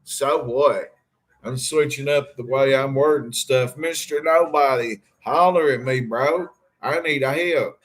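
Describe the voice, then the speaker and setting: A man's voice: medium pitch, unhurried. A man rambling on a livestream, calling out to his viewers and joking. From Harlan County, Kentucky. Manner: rambling, addresses viewers directly, jokey. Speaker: livestream host. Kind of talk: rambling livestream talk to chat.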